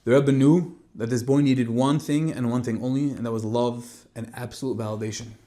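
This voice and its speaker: A man delivers a Torah talk as a dramatic story. His delivery swings between forceful emphasis and quiet, hushed passages. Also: mid-range voice, fairly even intonation, moderate pace. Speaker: speaker giving a Torah talk. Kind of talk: emotional storytelling sermon.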